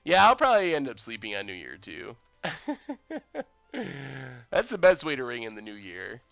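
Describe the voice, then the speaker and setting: An excitable young man chats over his card game stream, his pitch bouncing a lot. His voice is smooth and clear, recorded close and dry. Faint music plays behind him. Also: normal speed, no room sound. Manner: excitable, chatty, reads chat aloud. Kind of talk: casual game stream commentary.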